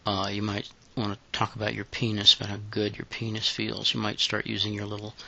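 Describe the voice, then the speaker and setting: Man, flat and bright, breathy halting guide voice, lo-fi. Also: fairly low pitch, no echo. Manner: breathy, halting, unhurried delivery. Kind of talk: intimate guided audio instruction. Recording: dull lo-fi recording.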